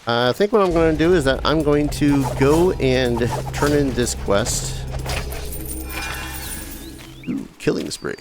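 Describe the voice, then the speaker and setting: A man's voice: on the high side, moderate pace, few pauses, over music. A man hosting a let's play, giving casual, rambling gameplay commentary with joking asides. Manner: rambling, joking asides, reads game text aloud.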